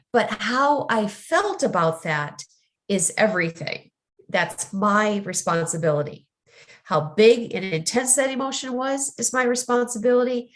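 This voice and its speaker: Woman coach, middle-aged, unhurried and earnest, slightly high voice, plays out little scenes. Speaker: ADHD coach. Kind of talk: recorded teaching talk.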